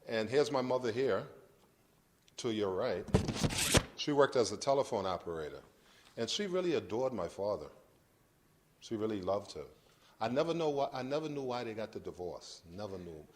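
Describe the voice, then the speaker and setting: A middle-aged man from Brooklyn, giving a lecture about his life in a conversational, halting way with frequent restarts. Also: fairly low pitch, very animated, a little mellow. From Brooklyn, New York. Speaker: guest lecturer. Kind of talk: personal storytelling lecture.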